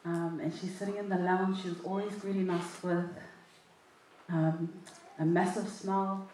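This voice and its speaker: A young woman, a granddaughter, sharing memories at a memorial service. She talks softly and haltingly, with frequent ums. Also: fairly low pitch, flat delivery, far from the mic. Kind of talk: informal memorial speech. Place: large echoey hall at a family service. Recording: very echoey hall, off-mic, faint noise.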